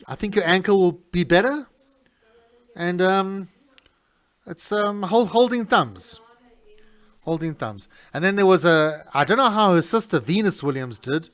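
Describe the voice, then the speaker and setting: A middle-aged man, talking casually on his radio show in an animated, indignant way with many restarts. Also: high-pitched. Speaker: radio host. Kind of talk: casual talk-radio monologue.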